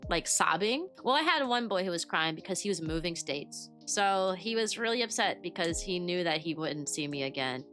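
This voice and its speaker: A young woman telling a story in a casual, chatty way, animated and full of "like" fillers. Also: medium pitch. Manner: chatty, animated, heavy use of "like". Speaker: VTuber and kindergarten teacher.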